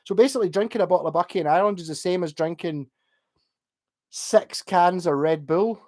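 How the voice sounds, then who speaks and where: A man's voice: sits high, brisk, a little mellow. A man, a bit drunk, rambling casually on a late-night home livestream while reading out chat and laughing often.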